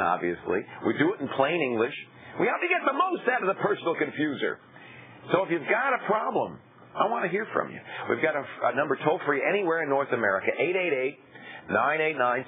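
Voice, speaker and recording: A man hosting a live TV call-in show, playful and jokey, and getting over a cold. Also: mid-range voice. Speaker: tech call-in show host. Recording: lo-fi, phone-like web rip.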